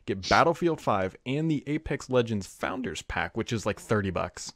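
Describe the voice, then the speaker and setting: Gravelly low-voiced man, dry tech chat. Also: animated, moderate pace, a bit bright, no echo. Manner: wry, dry jokes, loose and conversational. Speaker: podcast co-host.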